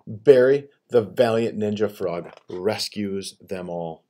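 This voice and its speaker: A man doing a clever, insistent little girl in a storybook, pushing her own idea of how the tale goes. She is eager and quick to jump in. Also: lowish voice, dark tone.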